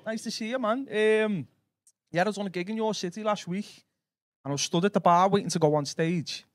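This is a male stand-up comedian with a Liverpool accent, bantering brashly with a live crowd. His voice sits high for a man. He swears freely and talks in a loose, cheeky way. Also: a little fast, no room sound, studio quality.

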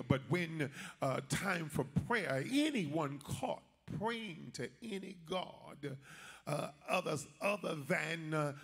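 A male bishop delivers a sermon in a slow, unhurried way. His voice is husky, and his folksy manner has him speaking straight to the congregation. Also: fairly high pitch, a bit bright. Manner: folksy preaching, addresses the congregation directly.

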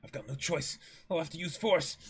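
A man's voice: a little high, lively intonation, fairly quick, gravelly, a bit bright, breathy edge, full character voice. A man voicing a desperate teenage boy, pleading urgently and stammering, in a dramatic comic reading. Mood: determined.

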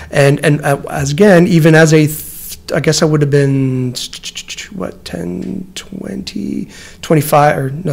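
A man in his forties giving a personal talk as a professor, rambling and restarting often, growing emotional as he speaks. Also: a little high. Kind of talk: lecture with personal stories. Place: lecture room.

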